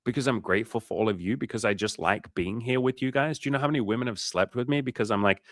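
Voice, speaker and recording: A man's voice: mid-range voice, fast, no echo, studio quality. A man coaching on a livestream in a casual, profane and fired-up way, talking emphatically. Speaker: dating coach.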